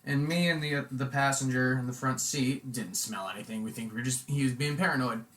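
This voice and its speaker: Young male podcast host, bright tense tone, swearing storyteller, casual chat. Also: mid-range voice, fairly quick. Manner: profane, rambling storyteller who acts out quotes loudly.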